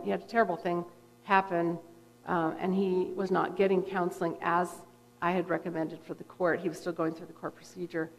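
Her voice fairly low, a middle-aged therapist speaking as a guest shares a personal story, animated and conversational and full of fillers. Long hall reverb colors the recording.

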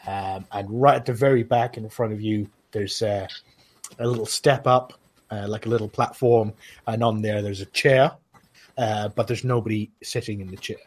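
A man's voice: lowish voice, steady tone, normal speed. A man narrating as game master for a tabletop role-playing game, hesitating often with fillers.

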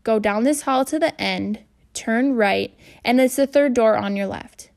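A woman voicing a busy teacher who gives directions briskly, in a children's audiobook. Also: fairly high pitch, creaky, darkish tone, no room sound, clean studio sound.

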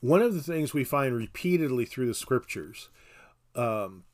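A man explaining scripture in a casual podcast conversation, halting with restarts and dry humor. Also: medium pitch, very animated. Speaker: Bible teacher. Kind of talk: casual Bible study podcast.

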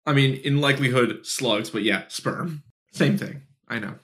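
A man's voice: mid-range voice, moderate pace, fairly bright tone. Dry joking male podcast co-host. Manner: dry, joking, swears casually. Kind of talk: casual movie recap chat.

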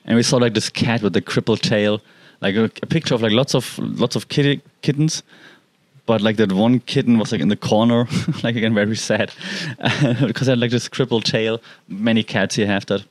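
A man's voice: lowish voice, a little fast, no echo. A man casually telling a personal story about his pet, rambling with lots of "like" and restarts. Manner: rambling, heavy use of "like" and restarts.

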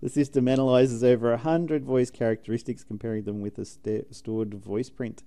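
A man's voice: mid-range voice, fairly even intonation, moderate pace, warm tone. A middle-aged man co-hosting a tech podcast, reading news aloud with jokey asides. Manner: jokey, drops in silly sound effects.

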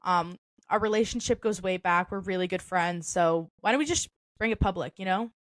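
With a lowish, slightly bright voice and a brisk pace, this young podcast co-host comes through with no room sound. Her casual chat runs loose and talkative, packed with "like" and "um," with frequent laughter.

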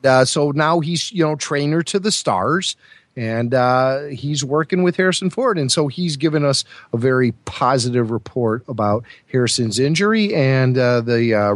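A man's voice: medium pitch, no room sound. Easygoing male podcast host, dry sound. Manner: easygoing, reads out news quotes. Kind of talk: casual chat.

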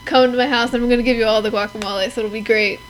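A woman's voice: on the high side, fairly even intonation, racing, slight background noise, poor audio. A young woman co-hosting a podcast, gushing and giggling as she chats. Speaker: podcast co-host. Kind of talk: casual chat.

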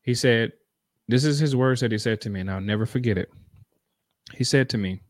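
A man's voice: medium pitch, fairly quick, long pauses, no echo. Earnest man telling a story, dry sound. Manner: earnest, repetitive, conversational. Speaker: speaker telling a personal story. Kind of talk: motivational personal storytelling.

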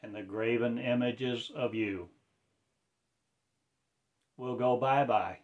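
A man's voice: mid-range voice, fairly even intonation, slow, highs cut off. A man delivering a fragmented, incantatory spoken-word monologue with preacher-like phrasing.

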